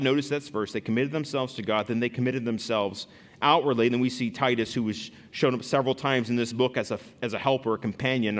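A man preaching a sermon as pastor, earnest and lively, often restarting phrases as he explains scripture. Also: medium pitch, big-room sound.

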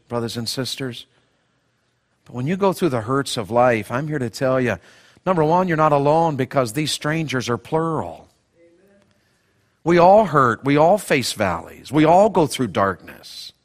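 A man's voice: medium pitch, animated, normal speed, long reverb tail. A male pastor preaching a sermon, telling a folksy personal story and acting out the voices in it.

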